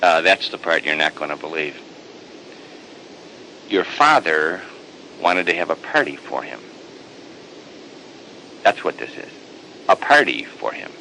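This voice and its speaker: A man voicing a blunt, gruff hired farmhand who mutters the news in a low voice. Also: sing-song, measured pace, pauses often, sharp tone, slight background noise, exaggerated voice, low-quality recording.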